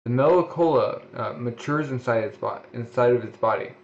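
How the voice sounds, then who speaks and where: A man's voice: medium pitch, dull audio. A man reading a manga aloud, voicing the sound effects and often restarting his sentences. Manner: halting reading with frequent restarts. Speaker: manga reader.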